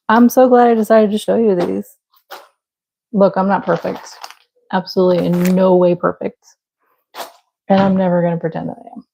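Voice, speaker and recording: A woman's voice: mid-range voice, a little slow, vocal fry, long pauses, dark tone, poor audio. A young woman hosting a live crochet stream, chatting casually and laughing at herself while she works. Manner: chatty, self-deprecating, talks to viewers while working. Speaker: livestream crochet host.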